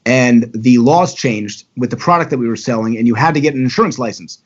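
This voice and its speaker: A man tells his own story as a podcast guest, in easy, talkative chat. His voice sits at an ordinary middle pitch. The audio is dull and lo-fi. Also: brisk.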